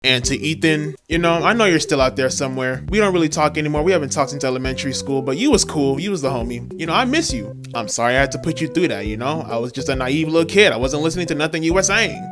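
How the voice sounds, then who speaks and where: A man's voice: fairly high pitch, expressive, quick pace, few pauses. A young man narrating a comedic story from his school days in a casual, slangy, self-mocking way. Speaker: storytime vlogger. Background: music.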